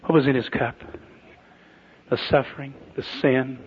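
A middle-aged man preaching a sermon in a folksy, emphatic way, swinging between loud and hushed delivery. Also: mid-range voice, flat delivery, a little slow, a little hiss or hum. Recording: tinny lo-fi phone-like audio.

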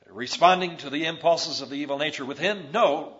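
A man's voice: on the high side, fairly quick, hardly any pauses, fairly bright tone. A man preaching a sermon with emphatic, rising stresses, on a dull lo-fi recording.

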